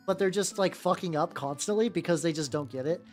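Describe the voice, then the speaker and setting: A woman with a gentle, relaxing voice chatting casually on a stream while painting miniatures, rambling with lots of restarts and casual swearing. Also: on the low side, fairly quick. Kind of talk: casual chat. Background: faint background music.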